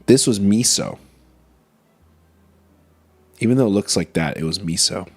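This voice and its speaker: A man's voice: on the low side, measured pace, darkish tone, breathy edge. A man streaming as a vtuber, chatting casually about food and reading chat, switching between English and Mandarin.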